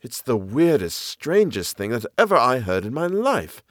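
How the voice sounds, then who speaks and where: A man voicing a curious, wary gentleman companion who asks plain questions. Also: medium pitch, sing-song, moderate pace, dry recording, clean studio sound. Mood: uneasy.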